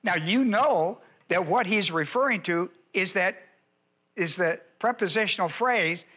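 High-voiced, bright male Bible teacher. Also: measured pace. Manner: emphatic, repeats key phrases, quizzes listeners. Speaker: pastor.

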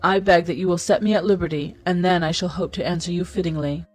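A woman's voice: on the low side, fairly even intonation, quick pace, darkish tone, soft background music, close to an everyday voice. Woman doing a courtly enchanted sheep king. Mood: formal. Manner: formal, earnest.

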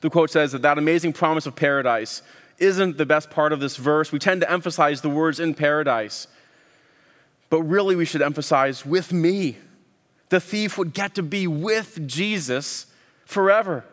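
A man preaching a sermon, earnest and deliberate, often repeating words as he builds a point. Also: fairly high pitch, fairly bright tone, long reverb tail. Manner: earnest, with frequent word repeats and pauses. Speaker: pastor.

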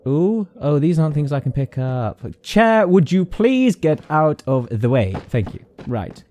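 Jittery British gamer, lively pitch. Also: male voice, measured pace. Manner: jittery, jokey, talks to objects. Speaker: gaming YouTuber. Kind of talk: horror let's-play commentary.

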